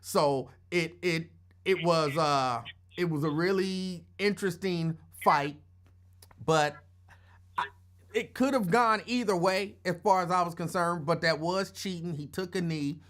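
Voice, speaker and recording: Measured man, talk host, higher pitch, lays out his views in casual sports talk. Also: a bit bright. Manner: measured, explains his view step by step.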